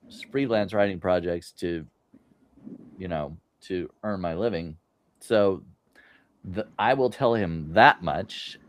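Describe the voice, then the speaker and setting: Man, podcast guest, plain delivery, low-pitched voice. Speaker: podcast guest, freelance writer. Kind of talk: casual chat.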